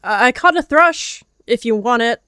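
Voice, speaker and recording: A woman's voice: medium pitch, lively intonation, a little slow, mellow, no echo, clean studio sound, pitched above the performer's own voice, close to an everyday voice. A woman voicing a timid, shaken young male warrior cat who stammers nervously.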